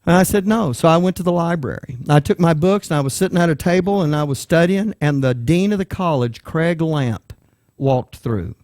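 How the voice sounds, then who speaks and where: Man, preacher, animated storytelling, fairly high voice, dry close sound. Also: normal speed, no echo. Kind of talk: sermon storytelling.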